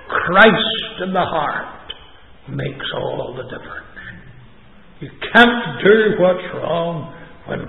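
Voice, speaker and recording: Slow gravelly Northern Irish old preacher. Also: male voice. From Northern Ireland. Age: 80s. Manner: emphatic, swinging from booming to hushed; chuckles while preaching. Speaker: pastor. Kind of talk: sermon. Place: church hall. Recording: tinny echoey hall recording with faint hiss.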